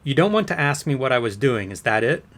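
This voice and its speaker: A man's voice: medium pitch, sing-song, fast, a bit bright. A man reading the part of a writer testifying under oath, answering with curt, insistent denials. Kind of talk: reading a court transcript aloud.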